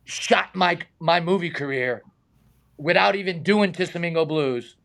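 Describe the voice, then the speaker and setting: A middle-aged man, a stunt man telling animated anecdotes in a casual interview, acting out the voices of the people in them and laughing often. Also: on the high side, measured pace, gravelly. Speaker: stunt man and high diver, guest.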